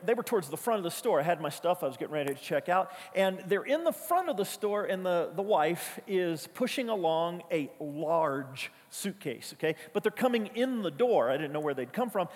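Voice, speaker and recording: Speaking as a pastor, a man delivers a sermon in a fairly high voice with lively intonation at a moderate pace. He's conversational and emphatic, telling stories and repeating key phrases, and a long reverb tail trails his words.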